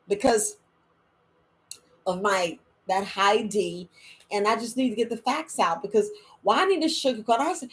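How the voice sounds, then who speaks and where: An older woman hosting a casual wellness chat, animated and dramatic, laughing often, with loose speech. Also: medium pitch, moderate pace. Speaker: wellness podcast host.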